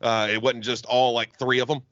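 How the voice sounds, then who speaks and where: A man's voice: medium pitch, little pitch movement, normal speed, a bit bright, no room sound, muffled recording. A man from the Southern US co-hosting a podcast, chatting casually with a profane, joking manner and frequent laughter. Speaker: podcast co-host. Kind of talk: casual comedic chat.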